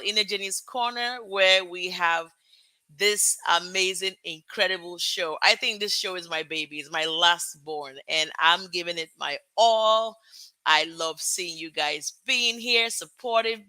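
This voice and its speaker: A woman hosting a live show, opening with gushing, excited welcomes to her viewers. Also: medium pitch, no echo. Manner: bubbly, gushing and effusive. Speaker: host. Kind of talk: excited livestream show intro.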